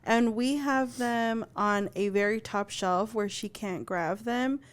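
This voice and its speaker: Young woman co-host, fairly high voice, animated storyteller, lots of "like," swears casually. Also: slow. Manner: animated storytelling, filler-heavy, swears freely. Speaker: podcast co-host. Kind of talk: casual chat.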